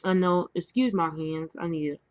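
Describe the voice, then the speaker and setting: A woman with a low voice runs a relaxed tarot reading at home. She talks in a chatty, rambling way, full of fillers and small apologies. The sound is dry and a little dull, as if from a home camera mic. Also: moderate pace, dry recording. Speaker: tarot reader. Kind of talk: casual spoken tarot reading. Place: indoors at a table with cards. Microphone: camera mic, face not shown.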